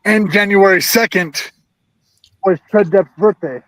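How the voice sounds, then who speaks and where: A man's voice: sits high, measured pace, fairly bright tone, no echo, low-quality recording. A man in casual video-call chat, a toy collector and store owner, out of breath and hesitant with many ums.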